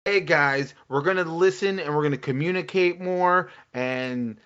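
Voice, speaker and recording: A man co-hosting a casual gaming podcast, rambling and animated, acting out quotes as he talks. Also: on the high side, normal speed, smooth. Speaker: podcast co-host. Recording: dull lo-fi audio.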